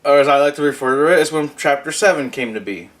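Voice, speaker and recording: A man's voice: on the high side, fast. A young man from Mexico hosting a casual morning vlog, joking and laughing as he talks. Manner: joking, laughs through his lines. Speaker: vlog host.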